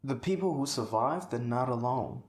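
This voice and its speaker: A man chats about films in a relaxed, meandering way, with exclamations and casual swearing. His voice sits at an average pitch. The room gives his voice a noticeable echo. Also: moderate pace. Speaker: podcast co-host. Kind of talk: casual film discussion. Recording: roomy echo.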